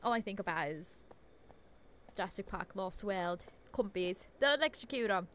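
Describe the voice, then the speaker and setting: A woman's voice: mid-range voice, animated, moderate pace, fairly bright tone, a little hiss or hum. A woman giving chatty, self-talking commentary while playing a video game, often giggling. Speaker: gaming streamer. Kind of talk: casual let's-play commentary.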